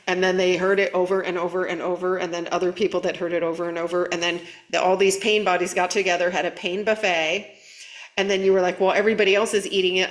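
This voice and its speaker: A woman hosting a spiritual channel, talking casually and playfully to her viewers, with frequent fillers and a habit of asking "right?". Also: lowish voice. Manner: playful, laughing, many fillers and rhetorical "right?".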